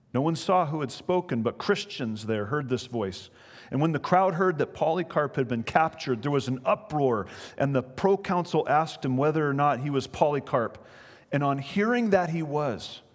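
A man preaching as he retells a story, animated, speaking directly to his listeners. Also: fairly high pitch, moderate pace, long reverb tail. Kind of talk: sermon storytelling.

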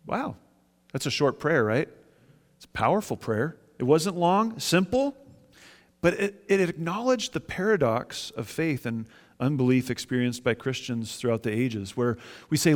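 A man's voice: fairly high pitch, lively intonation, moderate pace, in a large hall. A man preaching a sermon as a pastor, earnest and questioning, often putting questions to his listeners. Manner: earnest, asks the congregation questions.

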